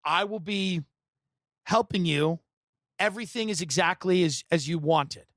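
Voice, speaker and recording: Man playing a nervous, polite hotel clerk, formal and slow, dry mic. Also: sits high, a bit bright, no echo. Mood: placating. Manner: formal, placating.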